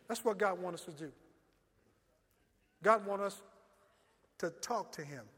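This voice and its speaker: A male pastor preaching a sermon with a high, bright, forceful voice. He keeps calling on the congregation to listen and answer back, and his voice carries through a long hall reverb. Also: unhurried, long pauses, breathy edge. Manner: call-and-response preaching, repeats "listen".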